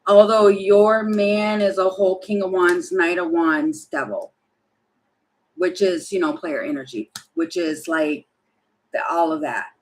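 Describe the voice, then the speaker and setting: A woman talking her way through a live tarot reading, chatty and thinking aloud, exasperated at times and slipping into quick acted-out voices. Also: fairly low pitch, poor audio. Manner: exasperated about the energy. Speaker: tarot reader.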